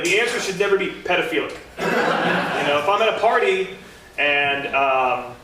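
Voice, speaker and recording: A young man doing stand-up, rambling and self-deprecating, tripping over fillers at a slightly high pitch. He is picked up from a distance in a very echoey club, with steady noise underneath. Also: moderate pace. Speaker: stand-up comedian. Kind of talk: stand-up comedy set. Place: comedy club stage.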